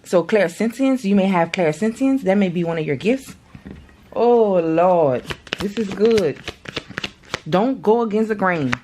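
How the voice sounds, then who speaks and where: A woman's voice: medium pitch, expressive, measured pace, warm tone, slight background noise. A woman in her thirties doing a casual tarot reading to camera, chatty and slangy, swearing freely and talking straight to her viewers. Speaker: tarot reader.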